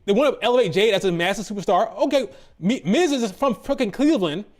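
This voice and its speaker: High-voiced man in a profane rant. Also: lively intonation, fast. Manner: exasperated, profane, repetitive ranting. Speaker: wrestling commentary host. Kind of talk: ranting commentary to camera.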